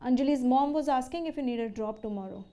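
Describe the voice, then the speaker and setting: An anxious mother in her forties talks in a stern, pressing way. Her voice is high and quick, with a mellow, dark tone. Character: anxious, strict middle-aged mother.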